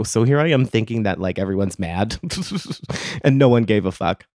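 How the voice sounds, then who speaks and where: Man, podcast host, casual confessional storytelling, profane, self-mocking, fairly low voice, dry close sound. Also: moderate pace, dry recording. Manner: profane, animated, self-mocking, laughs often.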